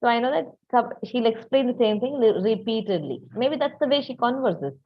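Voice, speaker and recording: A woman's voice: fairly high pitch, animated, fairly quick. Agreeable woman host, lo-fi audio. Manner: agreeable, frequent short affirmations. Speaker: interviewer host. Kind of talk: casual interview chat. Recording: dull lo-fi audio.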